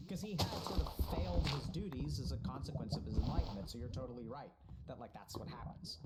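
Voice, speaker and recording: Man, casual profane storyteller, medium pitch, heavy background noise. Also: fast, hardly any pauses. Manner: loose, profane storytelling with many fillers. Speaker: storyteller and mentor. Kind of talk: casual conversation.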